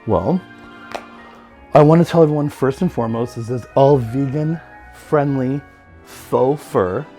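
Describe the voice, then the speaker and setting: A man's voice: mid-range voice, dark tone. A tattoo artist man in his thirties from California, giving a playful home tour and talking about himself in the third person in a campy, theatrical way.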